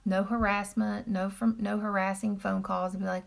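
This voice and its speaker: Chatty woman doing her makeup live, a little gravelly, mid pitch, talking to the chat. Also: fairly quick. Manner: chatty, talks to viewers while applying makeup. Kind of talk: casual live-stream makeup tutorial.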